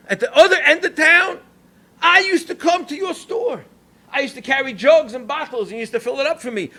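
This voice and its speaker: A man voicing an elderly immigrant grandmother who fires off questions in Yiddish-inflected English while she reminisces excitedly. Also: extremely high pitch, heavily acted.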